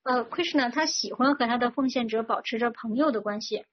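In a fairly high voice that's a bit quick, a woman handles consecutive interpreting of a sermon, going phrase by phrase. Her speech flows fluently despite frequent fillers, recorded in dull lo-fi quality with faint noise.

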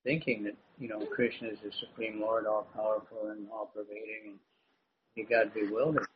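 A man giving a religious talk in short phrases, pausing for an interpreter, often saying "you know". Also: lowish voice, level tone. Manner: conversational, halting, fills gaps with "you know". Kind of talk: sermon with consecutive translation. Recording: dull lo-fi recording with faint noise.

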